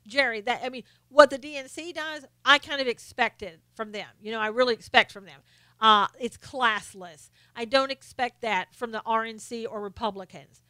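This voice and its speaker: A woman's voice: a little high, normal speed, pushed and bright, no room sound. A woman hosting a political commentary live stream. She is blunt and opinionated, lists her points one by one, and answers viewers' comments by name.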